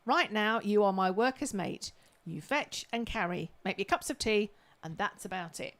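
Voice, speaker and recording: A man's voice: sits high, lively intonation, normal speed, a bit bright, voice pushed up. A man doing a stern older uncle. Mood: firm. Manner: firm, dry, laying down the rules.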